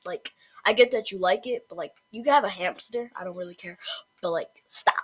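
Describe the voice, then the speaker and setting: A woman's voice: medium pitch, brisk, breathy edge. A young woman co-hosting a casual podcast, chatty and full of fillers. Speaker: podcast co-host. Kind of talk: casual chat.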